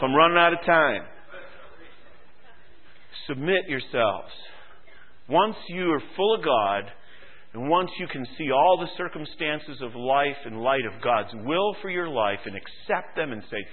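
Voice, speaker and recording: A man preaching a sermon as pastor, acting out quoted voices and swinging between shouts and hushed tones. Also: a little high, expressive, normal speed. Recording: phone-like radio broadcast.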